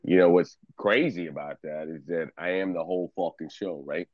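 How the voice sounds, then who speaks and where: A man's voice: sits low, moderate pace, no echo, narrow, tinny audio. A man streaming in a casual video chat, laid-back and teasing, swearing freely. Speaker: streamer and tarot card reader.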